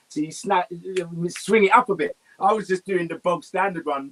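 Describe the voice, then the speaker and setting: Guy spinning a story on an interview, husky voice, pitch jumping all over. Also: fairly quick, hardly any pauses. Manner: lively storyteller, breaks into song and laughs often. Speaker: interview guest. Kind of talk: animated anecdotal storytelling.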